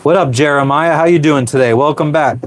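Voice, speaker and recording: A man's voice: on the high side, a little fast, a little hiss or hum. A man from Pennsylvania chatting loosely with live viewers while cooking aboard a small sailing boat, swearing freely and answering questions. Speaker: sailing vlogger reading live chat. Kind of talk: casual live-stream chat.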